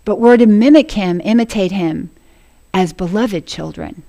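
A woman's voice: mid-range voice, measured pace, creaky, warm tone. A woman preaching a sermon to a congregation, earnest and laughing often as she speaks.

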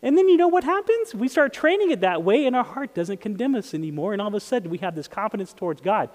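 A man's voice: high voice, very animated, fast talker, a little mellow, big-room sound. A man preaching a sermon in a conversational way, often checking in with his listeners. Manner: conversational, asks the audience often. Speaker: pastor.

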